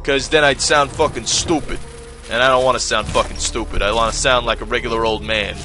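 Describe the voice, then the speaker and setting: A man's voice: medium pitch, fairly even intonation, a little fast, over music, pitched below the performer's own voice, lightly acted. A man putting on a Brooklyn Italian tough guy. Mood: swaggering. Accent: put-on Brooklyn Italian. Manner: swaggering, cursing, rambling.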